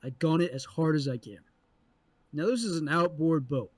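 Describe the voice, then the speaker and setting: Man, higher voice, profane, animated storyteller, dry close mic. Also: normal speed, no echo. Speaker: podcast co-host. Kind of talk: casual storytelling chat.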